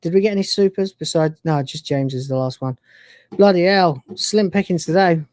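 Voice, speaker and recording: A man's voice: fairly high pitch, moderate pace, darkish tone, dry recording, studio quality. A man hosting a live review stream, ranting and swearing in exasperation. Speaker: host.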